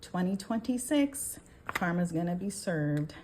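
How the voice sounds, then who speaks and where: A woman's voice: fairly low pitch, very animated, a little slow, a little mellow, slight background noise. A woman giving a casual tarot reading, talking emphatically, swearing and often checking in with "okay?". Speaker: tarot reader.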